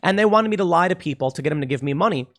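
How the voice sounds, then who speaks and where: Emphatic man with a higher voice. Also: animated, racing, fairly bright tone. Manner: emphatic, repeats phrases, frequent restarts. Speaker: podcast host. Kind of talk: political commentary monologue.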